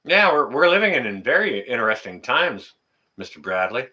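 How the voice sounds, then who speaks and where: Very animated and mid-range in pitch, the man's pushed, bright voice moves at an ordinary speed. He's running a laid-back livestream, naming viewers in the chat while launching into indignant rants full of repeated lines.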